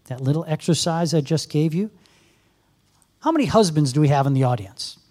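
A man's voice: fairly high pitch, expressive, fairly quick, mellow. A man in his fifties giving an earnest sermon to a church congregation, exhorting the audience directly. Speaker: guest speaker. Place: church service with a live audience.

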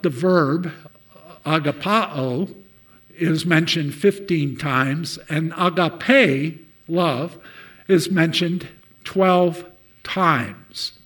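An older man delivers a sermon at an unhurried pace. His voice sits a little high and rings bright. He tells stories and belts out the lines of the people in them. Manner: storytelling, shouts out acted quotes. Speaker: preacher.

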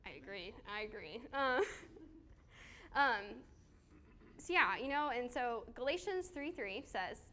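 A woman's voice: fairly high pitch, animated, measured pace, pauses often, bright, forceful tone. A woman giving a casual sermon to a small live group on a handheld mic, chatty and self-deprecating, with fillers and questions to the audience. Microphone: handheld microphone.

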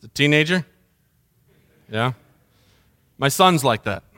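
A man's voice: mid-range voice, expressive, takes it slowly, sharp tone. A middle-aged man preaching a sermon as pastor, conversational and full of storytelling. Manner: conversational storytelling, mimics sounds.

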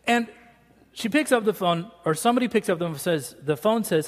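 A man's voice: high-pitched, brisk. A man preaching a sermon as a pastor, in a joking, conversational storytelling way, in a church sanctuary. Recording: reverberant church hall.

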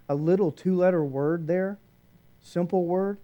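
A man preaching a sermon, shifting between loud emphatic declarations and hushed, quiet passages. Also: fairly high pitch, normal speed. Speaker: pastor.

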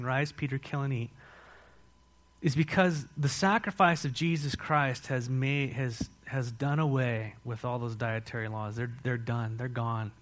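A male pastor preaching a sermon, telling the story with lively rhetorical questions. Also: mid-range voice.

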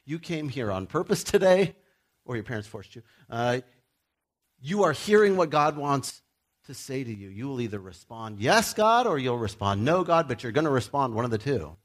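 A man's voice: medium pitch, lively intonation, moderate pace. A middle-aged man preaching a sermon as a pastor, speaking directly and emphatically to his listeners, with joking asides.

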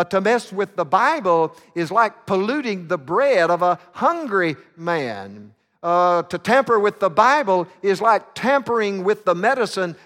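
Male pastor, fairly high voice, dramatic storyteller with halting fillers, church reverb. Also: a bit bright. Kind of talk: sermon. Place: church sanctuary. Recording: long reverb of a church sanctuary.

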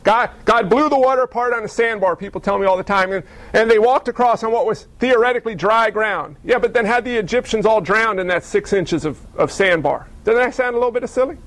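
A male pastor preaching a sermon, lively and full of rhetorical questions and wry asides. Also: high voice, fairly quick.

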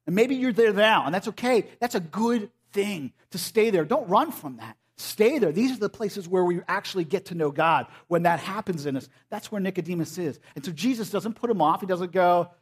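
High-voiced casual male pastor. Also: lively intonation, moderate pace, hardly any pauses, breathy edge. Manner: casual and conversational, often acting out quoted voices. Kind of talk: sermon.

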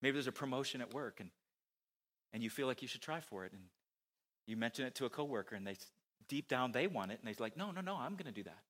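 A man preaching a sermon, animated, who asks his listeners many rhetorical questions. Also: medium pitch, fast talker, pauses often.

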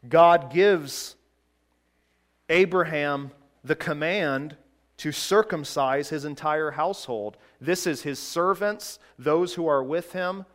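A man preaching a sermon in a deliberate way, swinging between loud emphasis and quiet, hushed lines. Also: fairly high pitch.

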